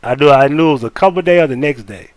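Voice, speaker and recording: A man's voice: on the high side, fast, no echo. A man hosting a live stream, giving blunt, profane, casual commentary and talking straight to his chat. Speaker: livestream host.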